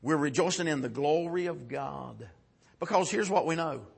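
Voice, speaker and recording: Brief: male preacher, fairly high pitched and husky, folksy delivery, big swings between shouting and quiet. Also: animated, moderate pace. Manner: swings from loud shouting peaks to low quiet asides, folksy. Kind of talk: sermon.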